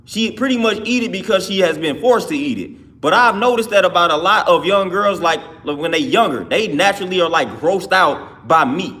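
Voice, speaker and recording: A man's voice: sits high, animated, normal speed, hardly any pauses, sharp tone. A man hosting a livestream, talking casually and loosely with his viewers, often restarting his sentences. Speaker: livestream host. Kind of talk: casual livestream talk answering chat.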